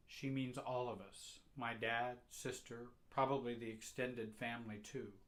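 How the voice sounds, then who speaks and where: A man narrating a painful first-person memory quietly and reflectively, with halting repeats. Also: medium pitch, steady tone.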